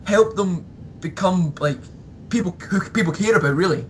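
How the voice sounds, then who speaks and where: A man co-hosting a casual podcast, animated, laughing often and mimicking announcers. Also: sits high, moderate pace, a little hiss or hum. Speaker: podcast co-host. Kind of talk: casual chat.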